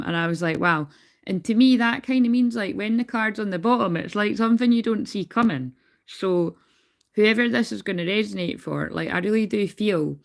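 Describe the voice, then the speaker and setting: Creaky-voiced chatty Scottish woman. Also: lowish voice. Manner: chatty, rambling, swears casually. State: tired. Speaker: tarot card reader. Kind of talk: casual live stream chat. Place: in bed at home.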